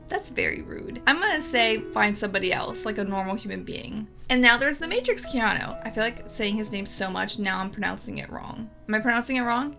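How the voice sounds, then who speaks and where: Young woman, let's play host, sarcastic, chatty, bright voice, slightly high. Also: animated, a little fast, vocal fry, hardly any pauses, soft background music. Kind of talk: casual gameplay commentary.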